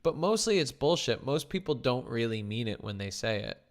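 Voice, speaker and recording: Blunt, lively man reacting to clips. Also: mid-range voice, normal speed. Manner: blunt, dismissive, swears freely. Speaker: podcast host reacting to clips. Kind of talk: casual reaction commentary.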